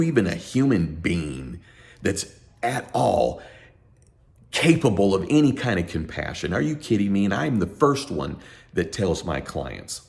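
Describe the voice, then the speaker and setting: Gravelly low-voiced man ranting emphatically. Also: sing-song, unhurried, a little mellow. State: sleep-deprived. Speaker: accountant and tax educator. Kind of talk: heated unscripted talk to camera.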